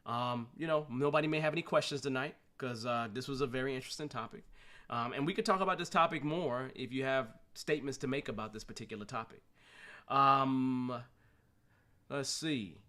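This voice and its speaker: A man's voice: mid-range voice, fairly quick, sharp tone. A man hosting a live streamed talk show, talking animatedly about his work with rhetorical questions and frequent laughs. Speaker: show host and Scrum trainer.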